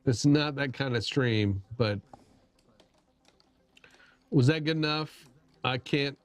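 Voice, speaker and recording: At a slow pace and with frequent pauses, the middle-aged host of a casual livestream chats in a medium-pitched voice. He wanders from point to point, teases himself, and keeps restarting what he says.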